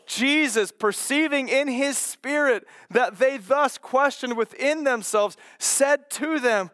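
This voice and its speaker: A man preaching a sermon with a strikingly high voice, moving at an unhurried, deliberate pace. He teaches expressively and voices the doubters' questions as he goes. The sound is dry and close, with no room around it. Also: animated, a bit bright, no echo.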